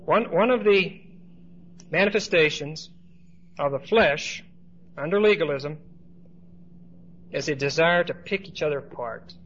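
A man's voice: a little high, measured pace, long pauses, a bit bright, highs cut off, slight background noise. A man preaching a sermon as pastor, telling stories in a conversational way with asides to the congregation.

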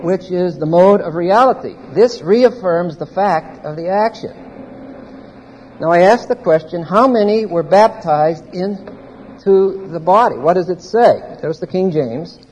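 Delivering an expository Bible teaching before a live audience in a big, reverberant hall, a man with a fairly high-pitched, darkish voice works through the grammar point by point and quizzes the crowd. The audio is dull, with faint background noise.

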